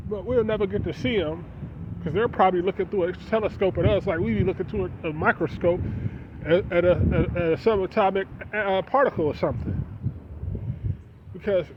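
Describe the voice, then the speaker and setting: A man's voice: high voice, normal speed, long pauses. A man talking casually to his viewers in a preachy monologue, firing off rhetorical questions. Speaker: vlogger. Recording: dull lo-fi sound with faint street noise.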